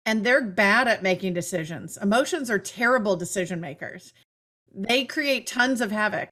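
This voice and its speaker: A woman communication coach hosting a podcast, explaining ideas in a measured, teaching way during casual chat. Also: mid-range voice, lively intonation, sharp tone.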